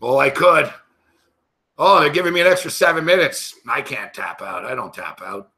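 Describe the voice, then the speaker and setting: Placing live bets on his sports betting show, a man mutters to himself with profanity and agitated rambling. He has a medium-pitched, sharp voice and speaks at a moderate pace.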